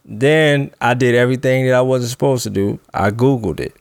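A young man spins a personal story in easy, slangy talk, laughing as he goes. His voice sits at an ordinary middle pitch. The recording is dry and close, with no room sound. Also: moderate pace, vocal fry, no room sound. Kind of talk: casual storytelling.

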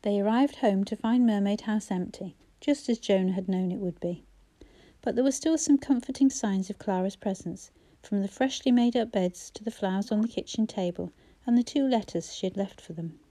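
Woman narrating with a dark, mellow voice. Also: medium pitch, normal speed. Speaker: audiobook narrator. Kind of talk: scripted narration of a novel.

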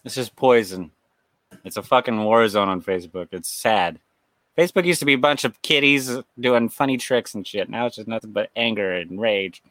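A man's voice: lowish voice, lively intonation, moderate pace, fairly bright tone, no room sound. A man co-hosting a horror podcast, chatting casually with wry, profane jokes. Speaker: podcast co-host. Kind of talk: casual chat.

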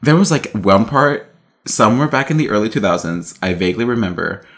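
A man's voice: on the low side, a little fast, fairly bright tone. A young man co-hosting a podcast, chatting casually in a rambling way and acting out quotes in silly voices. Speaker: podcast co-host. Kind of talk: casual chat.

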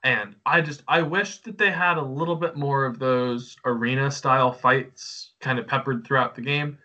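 A man's voice: mid-range voice, moderate pace, bright, forceful tone. A man co-hosting a casual game review podcast, enthusiastic and stumbling over restarts. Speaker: podcast co-host.

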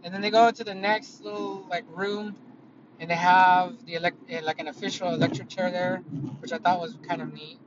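High-voiced man rambling over car noise. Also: level tone, normal speed. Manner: rambling, heavy swearing, many fillers. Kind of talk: casual storytelling. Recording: dull lo-fi audio with loud car noise.

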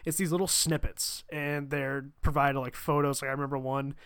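A man's voice: medium pitch, level tone, moderate pace, a bit bright, smooth, no room sound. A man co-hosting a casual chat about video games, enthusiastic and earnest, with plenty of fillers. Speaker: podcast co-host. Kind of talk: casual game discussion.

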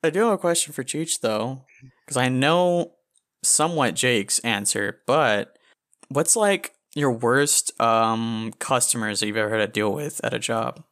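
A man's voice: medium pitch, a little slow, fairly bright tone. A young man co-hosting a casual podcast, making crude jokes and laughing a lot. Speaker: podcast co-host. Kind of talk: casual chat.

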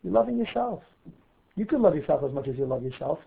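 A man's voice: fairly high pitch, very animated, fast, creaky, husky. A man teaching a Torah class, reading Hebrew text and explaining it line by line with questions and answers. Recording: phone-like narrow audio.

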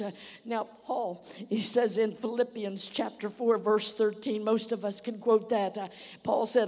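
A woman's voice: mid-range voice, steady tone, measured pace, a little mellow, long reverb tail, a little hiss or hum. A woman guest speaker preaching a sermon. She tells a story vividly and uses many "uh" fillers.

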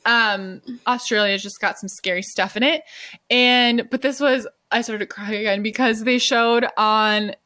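A woman's voice: fairly high pitch, steady tone, a little slow, bright, forceful tone, no echo, clean studio sound. A woman co-hosting a podcast, chatting casually in a gushing, rambling way full of fillers. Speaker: podcast co-host. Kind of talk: casual chat.

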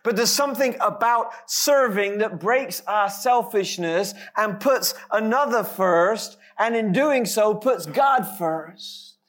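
A preacher delivers a sermon at an unhurried, deliberate pace. The delivery is emphatic, stressing key phrases, and carries a light, self-mocking humor. The pitch sits in a middle register. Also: fairly bright tone. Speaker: pastor.

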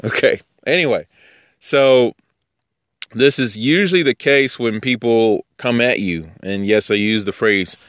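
Smooth-voiced man teaching casually. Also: fairly low pitch, dry recording, clean studio sound. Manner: conversational, digressive, acts out quoted speakers. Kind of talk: informal Bible teaching.

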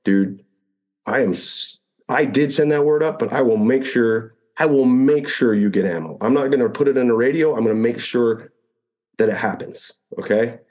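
A man's voice: medium pitch, moderate pace. A man who flew Apache helicopters, telling a combat story in a conversational interview, acting out radio calls and often restarting phrases. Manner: animated retelling, acts out radio calls, frequent restarts.

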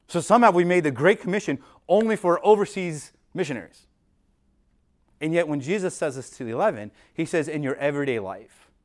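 A man preaching a sermon as pastor in a relaxed, conversational way, often checking in with the listeners. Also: on the high side. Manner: casual, talks to the congregation with frequent "like" and "right?".

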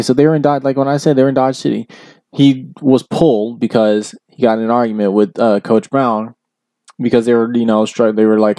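A man hosts a casual commentary show, retelling a story in a loose, rambling way, packed with filler words. He jumps into raised voices to act out the people he quotes. His voice is mellow and warm, and the recording is dry and close. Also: lowish voice, no echo. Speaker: podcast host.

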